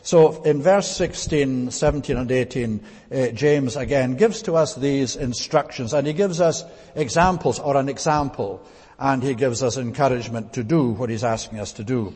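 A man preaching an expository Bible sermon as pastor, deliberate and teacherly with frequent hesitations. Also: mid-range voice, a little mellow, slightly rough, long reverb tail.

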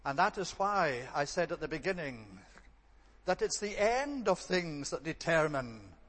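A man with a fairly high voice preaches a sermon in earnest, emphatic tones, stacking repeated phrases to drive his points home. His voice rings out with a long reverb from the hall around him. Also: sing-song, a little slow, a bit bright.

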